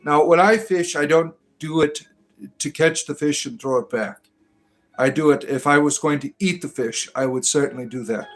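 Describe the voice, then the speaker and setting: A middle-aged man hosting a casual livestream, rambling and halting with many fillers and restarts. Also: on the high side, low-quality recording. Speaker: livestream host.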